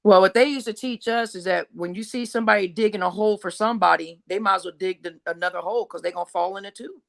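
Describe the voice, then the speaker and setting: A woman's voice: medium pitch, fast talker, gravelly. A woman hosting a casual chat about online drama. She agrees readily with her guest and keeps summing up what other people have said. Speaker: host.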